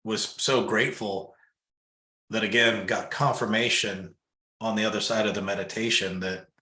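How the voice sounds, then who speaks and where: A man's voice: lowish voice, steady tone, moderate pace, sharp tone. A man telling a personal story in a casual fireside chat, loose and conversational with lots of fillers. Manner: loose, conversational, full of fillers and acted-out quotes. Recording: echoey room.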